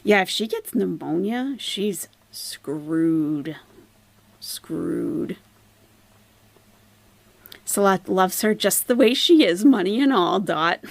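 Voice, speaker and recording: A woman's voice: mid-range voice, animated, normal speed, creaky, few pauses, dry recording. A woman hosting a commentary channel, reading viewer comments aloud and answering them with sarcastic, casual remarks.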